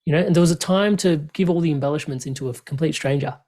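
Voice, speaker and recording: A man, speaking openly and earnestly in a relaxed conversation, with many fillers and restarts. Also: fairly high pitch, very fast. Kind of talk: reflective conversational chat.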